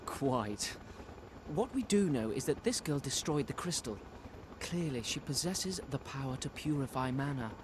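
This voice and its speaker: A man's voice: medium pitch, expressive, normal speed, noisy background, natural voice. An actor playing a formal, learned nobleman who speaks in a composed way.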